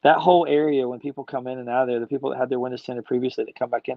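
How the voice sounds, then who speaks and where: A man's voice: medium pitch, little pitch movement, very fast, no room sound. Enthusiastic middle-aged man, dull dry audio. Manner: enthusiastic storyteller, slangy and rambling. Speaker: guest, business founder. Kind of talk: casual interview chat.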